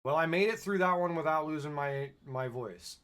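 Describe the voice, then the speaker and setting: A man's voice: fairly high pitch, normal speed, fairly bright tone, smooth. A man hosting a podcast, chatting casually with a live audience and then reading a short story aloud in his own plain voice, his throat slightly scratchy.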